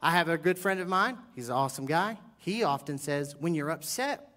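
A middle-aged man preaching a sermon as pastor, animated and joking, swinging from quiet asides to loud bursts. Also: a little high, brisk.

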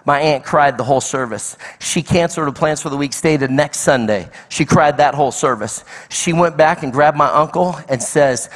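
Animated male preacher in a reverberant hall. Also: mid-range voice, fairly quick, hardly any pauses. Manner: animated storytelling with acted-out quotes. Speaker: guest preacher. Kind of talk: sermon. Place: large church hall.

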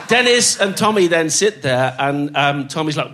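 A man's voice: fairly high pitch, lively intonation, normal speed, hardly any pauses, bright, forceful tone. An older man telling stories as a podcast guest, laughing as he goes and doing the voices of the people he quotes. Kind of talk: anecdotal storytelling.

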